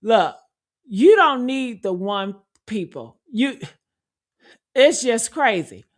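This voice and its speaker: A woman's voice: fairly high pitch, lively intonation, takes it slowly. A woman giving blunt, sarcastic true crime commentary, swearing freely and talking straight to her viewers. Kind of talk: casual video commentary.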